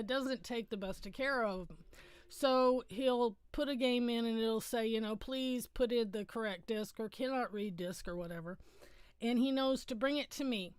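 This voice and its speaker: A woman's voice: on the high side, clean tone, no room sound. A middle-aged woman hosting a casual livestream from home, chatting in a rambling way and correcting herself as she goes.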